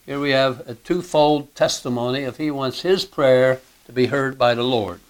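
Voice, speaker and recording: Guy doing a bible study, lots of uh's and throat clearing, reads verses out with some punch. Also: mid-range voice, poor audio. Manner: halting, many fillers and throat clearing; reads scripture aloud with emphasis. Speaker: Bible teacher.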